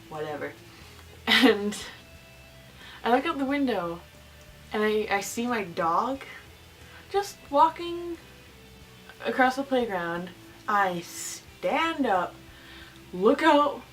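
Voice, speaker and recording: A woman's voice: mid-range voice, fairly bright tone, recorded from a distance, rough recording. Rambling giggly teen girl vlogger. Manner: rambling, giggly, lots of fillers. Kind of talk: casual storytelling.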